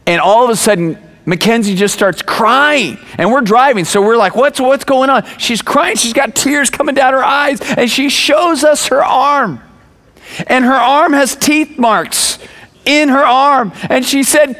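A man in his forties, a pastor preaching a sermon, telling stories with lively acted-out voices and sudden raised words. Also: high-pitched. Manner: animated storytelling, acts out quoted voices, bursts of raised voice.

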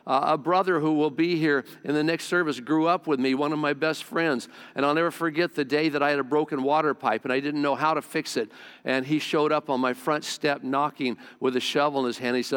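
An older male pastor delivers a heartfelt sermon built on personal stories. His voice is smooth and resonant and sits slightly high for a man. A long reverb trails each phrase, as in a large sanctuary. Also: normal speed, fairly bright tone. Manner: earnest storytelling, repeats words when emphatic. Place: church sanctuary.

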